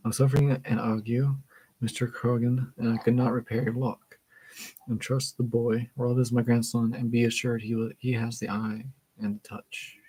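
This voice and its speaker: A man reading the lines of a calm old gunsmith grandfather, slow and measured, in his own husky voice. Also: medium pitch, close to an everyday voice, low-quality recording. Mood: assured.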